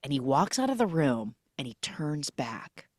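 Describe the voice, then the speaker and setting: Animated woman recapping a film. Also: deep voice, a little slow, no echo, studio quality. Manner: animated storyteller acting out quotes. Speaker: podcast host.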